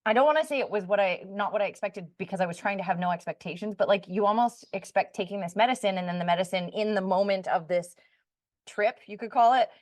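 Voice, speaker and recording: A woman's voice: mid-range voice, fast talker, darkish tone, dry recording, studio quality. A woman co-hosting a podcast, earnestly telling a personal story and acting out the remembered dialogue in casual chat. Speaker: podcast co-host.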